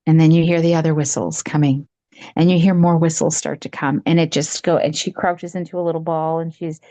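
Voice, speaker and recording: A woman's voice: deep voice, mellow, no room sound. A woman podcast host telling a spooky story in a chatty, casual way, with lots of repeated phrases.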